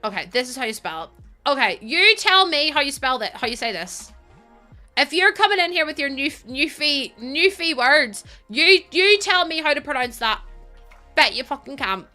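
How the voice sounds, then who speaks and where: A young woman, streaming a game and chatting casually with her viewers, teasing and quick to laugh. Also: high-pitched, big pitch swings, sharp tone, soft background music. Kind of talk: casual live-stream chat while gaming.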